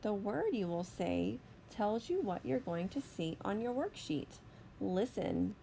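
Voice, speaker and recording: A woman teacher giving a slow, deliberate phonics lesson to young children, stretching out each sound. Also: mid-range voice, sing-song, creaky, warm tone, a little hiss or hum. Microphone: recorded voice-over for a whiteboard lesson video.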